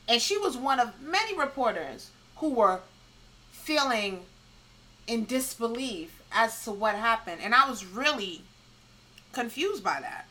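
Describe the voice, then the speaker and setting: A woman co-hosting a podcast, blunt and animated in casual chat, with frequent laughs. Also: a little high, measured pace, poor audio. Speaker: podcast co-host.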